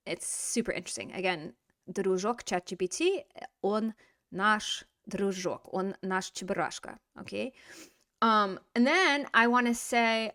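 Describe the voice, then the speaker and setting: A woman's voice: mid-range voice, a bit bright, no echo, studio quality. A woman teaching a casual video language lesson in a playful, chatty way that pokes fun at herself. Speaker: Russian teacher.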